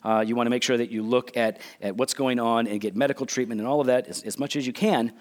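A middle-aged man preaching a sermon, animated, with frequent restarts and asides to the congregation. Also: mid-range voice, fast talker. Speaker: pastor.

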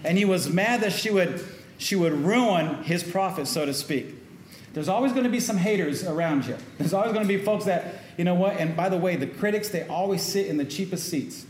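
A man's voice: sits high, lively intonation, brisk, background noise. Middle-aged pastor guy preaching, chatty, keeps asking the crowd to respond, echoey room. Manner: conversational preaching, call-and-response asides. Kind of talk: sermon. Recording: echoey room with faint ambience.

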